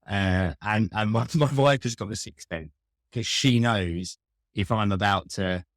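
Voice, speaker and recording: Man, low voice, podcast guest, wry storyteller, self-mocking, dry close sound. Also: measured pace, dry recording. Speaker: customer experience expert, podcast guest. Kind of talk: casual interview conversation.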